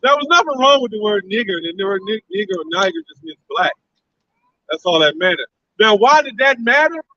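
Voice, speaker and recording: High, lively emphatic man, far off. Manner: emphatic, laughing between points. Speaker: religious teacher. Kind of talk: street-style biblical teaching. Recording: distant, dull lo-fi recording.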